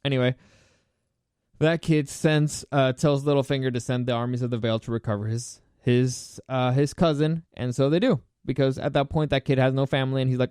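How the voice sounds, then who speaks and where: A man's voice: mid-range voice, fairly even intonation, a little mellow, clear, resonant tone, no echo. Rambling man retelling a story, dry sound. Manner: rambling, self-correcting, acts out characters in quick voices. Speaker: podcast host. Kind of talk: casual storytelling monologue.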